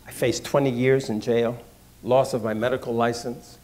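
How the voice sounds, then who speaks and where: A man from Washington, D.C., telling an audience his own story in a deliberate, measured way, repeating phrases for emphasis. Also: medium pitch, little pitch movement, a little mellow. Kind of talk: measured personal talk to an audience.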